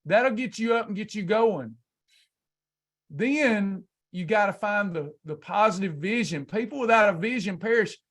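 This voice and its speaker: A man's voice: high-pitched, expressive, measured pace, a bit bright. A man coaching a class on weight loss in an emphatic, preacher-like motivational speech full of rhetorical questions.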